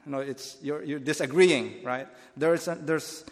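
A man's voice: a little high, unhurried, long reverb tail. A man preaching a Bible teaching sermon, earnest and explanatory, often restarting his phrases.

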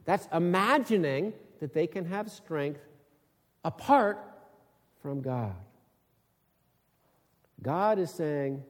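A man's voice: a little high, lively intonation, slow, pauses often. Man preaching a Bible sermon, emphatic questioning delivery, long reverb of a hall. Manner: reads scripture aloud, then explains it with rising emphatic questions. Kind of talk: sermon-style Bible teaching.

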